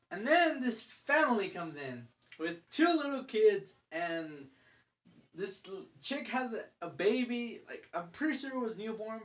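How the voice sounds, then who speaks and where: A young adult vlogger rants about a bad night out in a loose, casual storytelling voice. The delivery is exasperated and profane, full of fillers and restarts, with pitch sitting in the middle of the range. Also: a bit bright.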